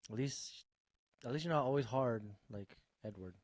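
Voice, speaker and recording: A man's voice: mid-range voice, normal speed, no echo. A young man co-hosting a podcast, teasing and giggling often in casual banter. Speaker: podcast co-host.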